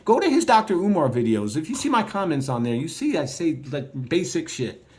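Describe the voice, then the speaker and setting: A man's voice: fairly high pitch, sing-song, fairly quick, a little mellow. A man ranting in a response video, combative and profane, speaking straight to his viewers. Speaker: online commentator. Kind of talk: heated response video rant.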